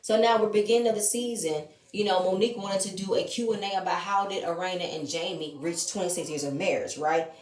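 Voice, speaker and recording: A woman's voice: medium pitch, fairly even intonation, brisk, hardly any pauses, a little mellow. Woman vlogger, blunt and profane, casual show commentary; echoey room, mic at a distance. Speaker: reality show reviewer.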